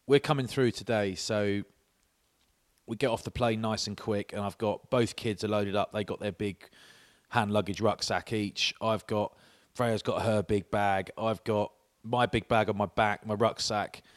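A man's voice: lowish voice, fairly even intonation, a little slow. A man, chatting on a podcast and telling stories with laughs and swearing. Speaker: podcast co-host. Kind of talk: casual chat.

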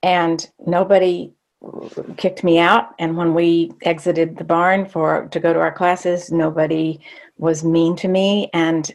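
An older woman tells a memory from her own life in a low voice with a gravelly fry and little pitch movement. She speaks candidly and reflectively, pausing and restarting as things come back to her.

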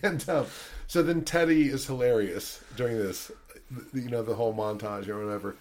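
A man's voice: mid-range voice, normal speed, darkish tone. Rambling, swearing male podcast host. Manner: rambling, swears a lot, many fillers. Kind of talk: casual chat.

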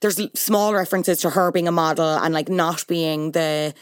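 A woman's voice: low voice, steady tone, moderate pace, clean tone, no room sound, clean studio sound. A young adult woman, chatting on a podcast in a frank, opinionated way with blunt asides. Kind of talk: casual podcast chat.

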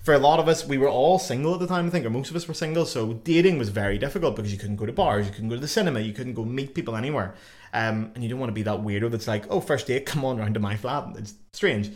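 A young man hosts a podcast in loose, casual chat. He talks quickly and tells stories with lots of laughter, breaking into voices for the people he quotes. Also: medium pitch. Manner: animated, laughing, swearing, acts out quotes. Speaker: podcast host.

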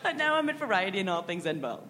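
A woman's voice: mid-range voice, very fast. A woman moderating a panel discussion, asking questions with wry quips. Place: live festival panel in a large hall. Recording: reverberant hall with a lively crowd.

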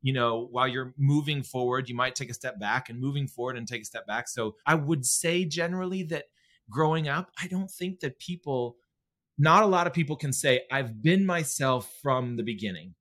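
A man's voice: medium pitch, normal speed, fairly bright tone. A man around fifty in earnest, reflective casual chat with his husband, sometimes playful and blunt. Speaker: podcast co-host, married to the other speaker.

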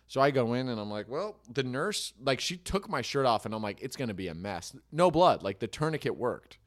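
A man's voice: mid-range voice, big pitch swings, a little fast. A man in casual chat, telling stories and acting out the people in them. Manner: acts out the people in his stories.

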